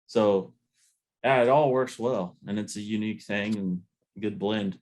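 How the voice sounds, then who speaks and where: Male podcast host, easygoing and affirming, lower-pitched voice. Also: a little slow, darkish tone, slight background noise. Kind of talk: casual interview chat.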